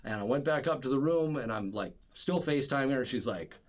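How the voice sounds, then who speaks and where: A man's voice: medium pitch, lively intonation, fairly quick. A man from Wisconsin, a podcast guest, telling a self-mocking story in casual chat, swearing freely. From Wisconsin, USA.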